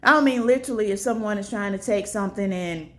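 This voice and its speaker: A woman's voice: fast, fairly bright tone. A woman vlogger speaking earnestly in a casual, preachy way, encouraging her viewers to fight for themselves. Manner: preachy and earnest, acts out little dialogues with big pitch jumps. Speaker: motivational vlogger.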